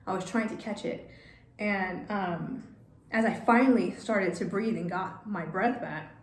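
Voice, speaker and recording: A woman telling a personal story for her vlog, halting and hesitant, often restarting her sentences. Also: mid-range voice. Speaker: vlogger. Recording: echoey room, faint background noise.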